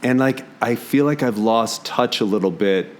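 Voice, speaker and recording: A man from the Philadelphia area, a podcast guest telling stories in casual conversation and jumping into high voices when quoting himself. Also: normal speed, slight background noise. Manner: warm storyteller, jumps into high quoted voices.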